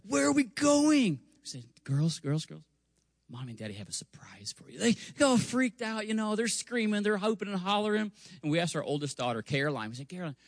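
A man in his forties preaching a sermon, telling a family story with lively delivery, acting out voices and stumbling over words now and then. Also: mid-range voice, no echo, studio quality. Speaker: guest preacher. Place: church sanctuary.

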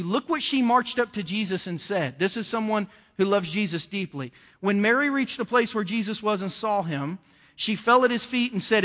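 A man's voice: high voice, lively intonation, a little fast, fairly bright tone. Preaching man in an echoing hall. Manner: conversational preaching with rising emotional emphasis. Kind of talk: sermon.

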